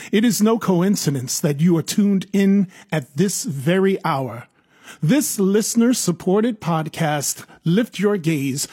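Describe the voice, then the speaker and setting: A man reading a slow, dramatic podcast promo voice-over. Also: high voice, darkish tone, slightly rough. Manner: slow, dramatic, ending in a whisper. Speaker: podcast announcer.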